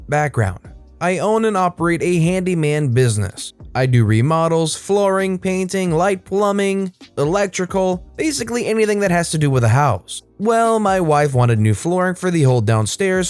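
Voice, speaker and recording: Lively high-voiced man reading stories. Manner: lively, animated storytelling. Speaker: storytime channel host. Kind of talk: reading online stories aloud.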